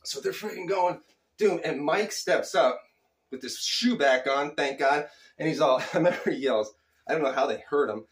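A middle-aged man from Phoenix, Arizona, telling a childhood story casually, animated and chuckling, with loose slang. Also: on the high side, normal speed.

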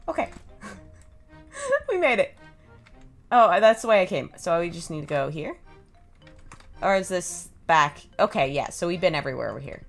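A woman's voice: on the low side, animated, a little fast, gravelly, soft background music. A woman giving casual, chatty commentary while playing a video game, thinking aloud and laughing often. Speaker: gameplay streamer.

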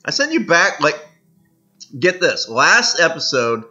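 A man's voice: fairly high pitch, sing-song, measured pace, bright, forceful tone. A man hosting a let's-play, rambling in casual gameplay commentary and talking between mouthfuls of candy. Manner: rambling and self-amused, talks while munching candy. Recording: dull lo-fi with faint music.

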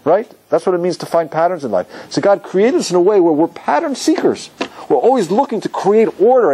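A rabbi teaching a class, telling stories with lively acted-out quotes and asking his listeners questions. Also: high-pitched, fairly quick, slightly rough, rough recording. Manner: animated storytelling, asks the audience questions, acts out quotes. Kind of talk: lecture to a class.

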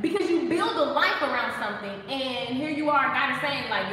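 A woman giving a casual, animated devotional talk, playful and preachy and full of laughs. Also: high-pitched, normal speed, few pauses, very echoey, big-room sound, recorded from a distance, a little hiss or hum, rough recording. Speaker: faith talk host.

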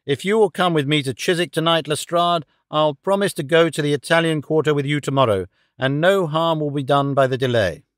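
A man reading a calm, shrewd detective. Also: a little high, no echo, clean studio sound, natural voice. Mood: measured. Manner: measured, quietly confident.

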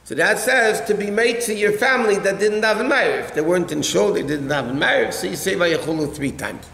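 A man's voice: high voice, brisk, gravelly, a bit bright, a little hiss or hum. Man lecturing in an echoey hall. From United States. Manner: explanatory, conversational, answers questions from the room. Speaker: rabbi teaching a class. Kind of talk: halacha class lecture.

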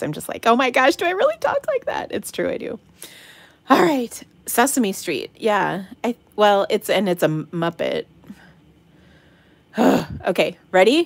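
Her voice is gravelly at medium pitch, captured in a dry recording. Hosting an online craft workshop game night from her home craft room, she calls bingo in a casual live stream, giggling, playing around and slipping into silly songs.

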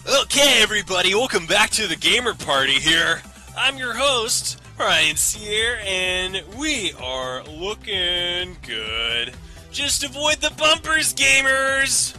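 A man putting on the voice of a loud, cheesy male gaming-show host with shouty, exaggerated hype. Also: sits high, sing-song, slow pace, faint music behind, pitched above the performer's own voice, full character voice. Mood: hyped.

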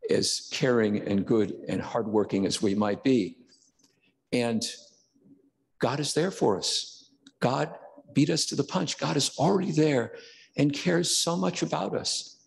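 A man's voice: medium pitch, vocal fry. An older man giving a conversational sermon as pastor, now and then acting out quoted voices. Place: church sanctuary. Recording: long church reverb.

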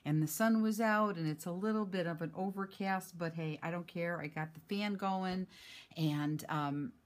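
A woman vlogging from home, chatty and excited as she talks through a package she received, with many fillers. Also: on the low side, normal speed. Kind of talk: casual chat, showing a mail package.

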